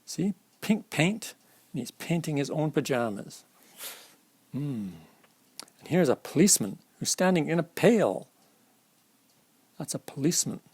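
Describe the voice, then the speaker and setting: A man's voice: a little high, expressive, measured pace, long pauses, darkish tone, husky, no echo. A man reading a children's alphabet picture book aloud at storytime, stopping to explain the pictures to young listeners. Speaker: storytime reader.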